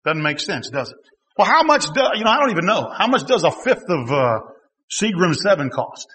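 A high-voiced man preaches with a swooping, lively delivery, climbing into shouted peaks and dropping back low. His tone is bright and ringing. The sound carries a long reverb off the hall around him. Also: brisk. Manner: animated preaching, rising to shouts, with laughs and asides. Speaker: pastor. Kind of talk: sermon. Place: church hall.

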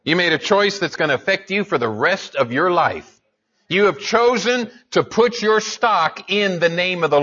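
A man's voice: high-pitched, fairly bright tone, slightly rough, highs cut off. A man preaching a sermon as pastor, talking in a conversational way and climbing to emphatic peaks.

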